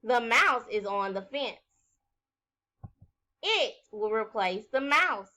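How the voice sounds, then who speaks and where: A woman teacher giving a recorded phonics lesson to young children, speaking slowly and clearly, sounding out words and praising her class. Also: on the high side, animated, bright, forceful tone.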